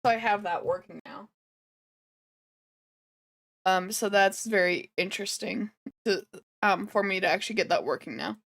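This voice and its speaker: A woman's voice: mid-range voice, moderate pace, pauses often, a bit bright. A woman livestreamer chatting casually, rambling and thinking aloud as she reacts to clips. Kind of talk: casual reaction stream chat.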